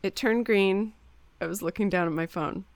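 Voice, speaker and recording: A woman's voice: mid-range voice, normal speed, no room sound. A woman, a mother in her thirties, chatting casually and acting out quoted lines as she tells stories. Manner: animated storyteller, acts out quotes. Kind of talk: casual chat.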